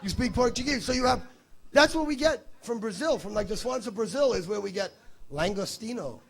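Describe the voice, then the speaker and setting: A man doing stand-up crowd work, brash and teasing with a profane edge. His voice sits high for a man and swings widely in pitch, with a gravelly rasp. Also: lively intonation, brisk. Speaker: stand-up comedian. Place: comedy stage before a live audience.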